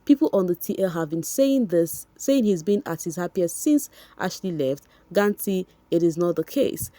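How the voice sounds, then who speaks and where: A young Nigerian woman talks straight to her viewers in a chatty, gossipy commentary, circling back over her points. Her voice sits a little low and sounds mellow. The recording is dry and close. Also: lively intonation, moderate pace, dry recording. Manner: chatty, addresses viewers directly, repeats for emphasis. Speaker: vlogger.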